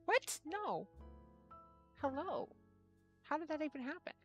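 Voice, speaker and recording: A woman's voice: high voice, very animated, a little slow, faint music behind. A woman hosting a casual live stream, chatty, laughing often and swearing casually. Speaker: livestream host and yarn shop owner.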